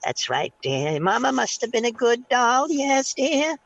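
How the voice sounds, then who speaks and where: Brief: man putting on a high, crackly 87-year-old prank-call granny, sweetly demanding. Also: big pitch swings, a little slow, creaky, a bit bright, dull audio, full character voice. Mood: sweetly crude. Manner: sweetly insistent, repeating "dear", crude. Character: pushy 87-year-old woman who calls everyone dear. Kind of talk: prank call role-play.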